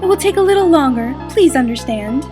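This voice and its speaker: Gentle motherly monster woman, read by a female gamer: high, formal, soft-spoken. Faint game music. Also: expressive, fairly quick. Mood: polite. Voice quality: formal, soft-spoken, old-fashioned phrasing. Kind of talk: reading game dialogue aloud in a voice.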